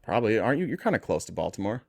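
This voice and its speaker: A man's voice: on the low side, very animated, rapid-fire, creaky, a little mellow. A man hosting a call-in talk show, chatting casually with callers, teasing them and laughing often. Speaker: podcast host taking callers. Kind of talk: casual chat.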